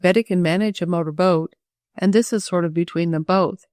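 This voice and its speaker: A woman's voice: lowish voice, fairly quick, darkish tone, dry recording, clean studio sound, lightly acted. A woman voicing a bold, practical girl. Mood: assured.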